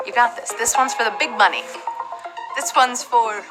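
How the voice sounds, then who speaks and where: A woman's voice: fairly high pitch, moderate pace, over music, rough recording. A woman hosting a live game show, bubbly, jokey and playful.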